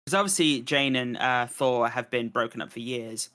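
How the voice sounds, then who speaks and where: A man's voice: medium pitch, normal speed, bright, forceful tone. A man hosting a podcast, reviewing a film in casual chat, rambling with frequent restarts and fillers. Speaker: podcast host.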